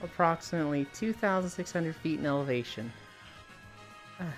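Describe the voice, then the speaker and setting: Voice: medium pitch, moderate pace, soft background music. A streamer chatting casually and rambling on a live stream while walking, swearing freely as they talk.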